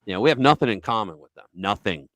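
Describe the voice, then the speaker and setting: A man hosting a casual political chat show, talking bluntly and crudely with lively storytelling. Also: lowish voice, quick pace, dry recording. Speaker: show host.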